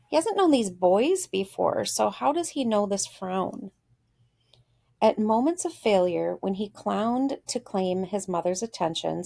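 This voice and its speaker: A woman literature teacher reads a short story aloud and stops often to think aloud about it, pausing with fillers. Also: mid-range voice, gravelly, a little mellow. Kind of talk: reading a story aloud with commentary.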